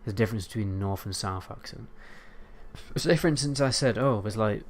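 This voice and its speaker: British man, lowish voice, casual streamer who rambles and swears freely. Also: fairly quick, a little hiss or hum. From United Kingdom. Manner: rambling and sweary, answering chat. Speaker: game streamer. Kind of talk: casual livestream chat.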